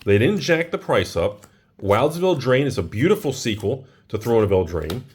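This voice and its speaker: A husky American man talks loosely in a vlog while he cracks open card packs. His voice climbs and dips all over the place, and his rambling excitement fills every sentence with "like" and "dude.". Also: medium pitch, moderate pace. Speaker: card shop owner and investing vlogger.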